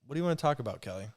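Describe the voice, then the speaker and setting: A young man co-hosting a casual podcast, joking and rambling through stories. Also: medium pitch. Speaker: podcast co-host. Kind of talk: casual chat.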